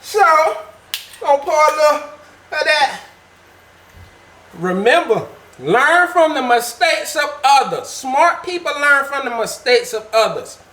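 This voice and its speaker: A man with a high-pitched, bright voice talks through a kitchen how-to in a playful, laid-back way. The home kitchen sounds echoey, with a faint hiss behind him. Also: very animated, slow, pauses often. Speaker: vlogger. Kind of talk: casual kitchen how-to vlog. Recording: echoey room with faint background noise.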